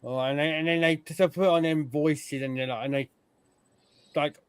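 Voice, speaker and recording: A man's voice: fairly high pitch, steady tone, moderate pace, smooth, no echo. A man hosting a casual podcast chat, telling stories and mimicking the people he describes. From United Kingdom. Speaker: podcast host.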